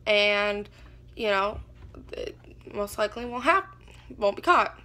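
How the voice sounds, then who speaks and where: A young woman vlogger telling a personal story in a casual, halting way, full of "like" and "you know". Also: mid-range voice, lively intonation, sharp tone.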